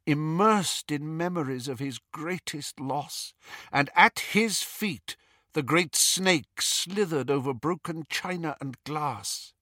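An audiobook reader giving dramatic, expressive scripted narration. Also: medium pitch, no room sound, studio quality.

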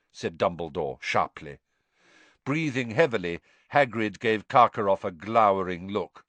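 Expressive male audiobook narrator. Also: on the low side, measured pace, dry recording. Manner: expressive storytelling reading. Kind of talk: scripted narration of a novel.

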